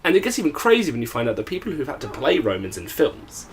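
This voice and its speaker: A man's voice: mid-range voice, wildly swooping pitch, fast. A young British man chatting casually in a group conversation, rambling with many fillers and restarts. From Britain.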